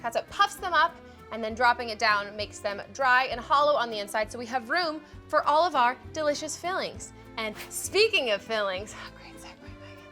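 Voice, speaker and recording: Bright, chatty woman cooking host. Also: on the high side, expressive, moderate pace, soft background music. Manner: chatty and playful, many fillers. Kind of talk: casual cooking demonstration.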